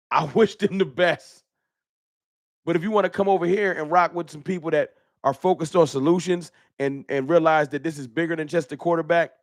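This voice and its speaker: A man hosting a casual live-stream fan talk show, animated and slangy, often repeating his words. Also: a little high, dry recording, clean studio sound.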